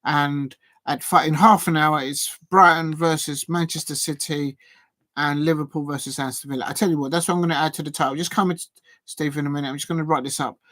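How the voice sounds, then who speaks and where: A man with a South London accent hosts a football watch-along stream, rambling in casual live chat and muttering to himself while he types. His voice is a little high and fairly bright, with a steady tone. He talks a little fast, and the recording has no echo.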